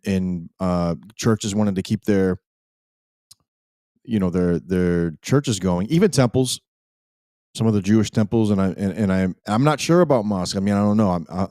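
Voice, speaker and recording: A man's voice: fairly low pitch, moderate pace, mellow, no echo. A man hosting a live podcast, rambling and emphatic, with frequent restarts. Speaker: podcast host.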